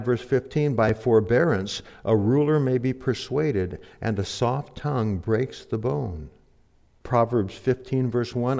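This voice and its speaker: A middle-aged man preaching a sermon in an earnest, measured way, reading scripture aloud and leading a prayer. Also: mid-range voice, a little mellow. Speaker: pastor.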